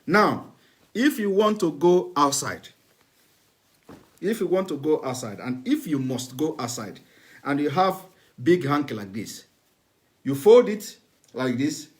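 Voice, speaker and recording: A man's voice: fairly high pitch, very animated, a little slow, pauses often. A man giving a repetitive, instructive demonstration to viewers in a live broadcast. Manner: repetitive, instructive, plain spoken.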